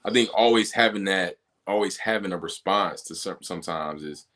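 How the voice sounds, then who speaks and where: A man with a low, deep voice, talking in a relaxed, meandering way on a casual podcast. He restarts his sentences often and slips into stories as he goes. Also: moderate pace. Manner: rambling, restarts, laid-back storytelling. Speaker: podcast co-host. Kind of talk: casual chat.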